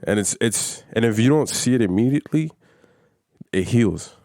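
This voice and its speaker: A man's voice: medium pitch, lively intonation, normal speed, mellow, dry recording, studio quality. A young man co-hosting a podcast, telling stories in a blunt, profane, casual way. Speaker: podcast co-host. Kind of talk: casual chat.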